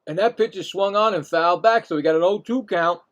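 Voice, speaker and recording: A man with a Brooklyn accent hosting a casual live play-by-play stream, chatting and rambling between pitches. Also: quick pace, lo-fi sound. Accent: Brooklyn New York.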